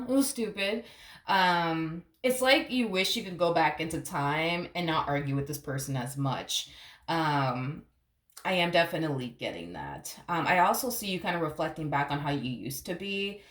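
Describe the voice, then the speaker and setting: A woman giving a casual tarot reading, rambling and chatty, calling the viewer honey and swearing freely. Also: lowish voice. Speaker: tarot reader. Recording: echoey room.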